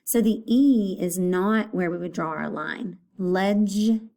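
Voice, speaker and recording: A woman's voice: on the low side, measured pace, gravelly, darkish tone. A woman teacher giving a recorded phonics lesson for young children, patiently repeating words to sound them out. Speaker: elementary school teacher.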